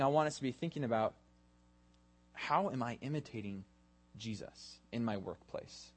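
A pastor preaching a sermon in a relaxed, conversational way, asking his listeners questions and joking about himself. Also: mid-range voice. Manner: casual and self-deprecating, asks the congregation questions.

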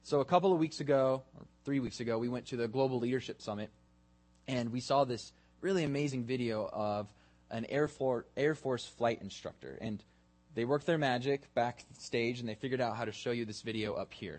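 A man's voice: medium pitch, moderate pace, darkish tone. This is a man preaching with a middle-range voice, easygoing and chatty rather than thundering. He poses questions to his congregation and pokes fun at himself now and then. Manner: casual and self-deprecating, asks the congregation questions. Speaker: pastor. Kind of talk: conversational sermon.

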